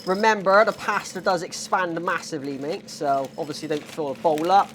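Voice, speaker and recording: Cooking in the kitchen of his flat, this English vlogger chats away in a strong Bristolian accent, cursing freely and addressing viewers as mate. He speaks at a moderate pace in a fairly high, steady voice, recorded on a small wireless clip mic against a noisy background.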